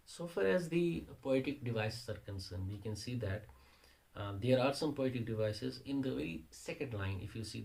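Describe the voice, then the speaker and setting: A man's voice: on the low side, creaky, a little mellow, poor audio. A man, a teacher explaining a poem in a lesson, restating lines and rephrasing phrases as he goes. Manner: repeats and rephrases phrases while searching for words. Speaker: English teacher.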